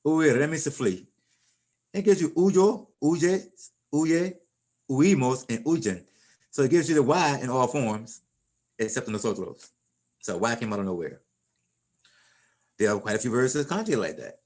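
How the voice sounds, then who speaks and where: A man teaching a language class in a loose, conversational way. He talks at an ordinary middle pitch and often repeats or restarts words as he works through an explanation. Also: expressive, normal speed, pauses often, darkish tone. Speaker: Spanish teacher. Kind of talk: casual classroom lesson.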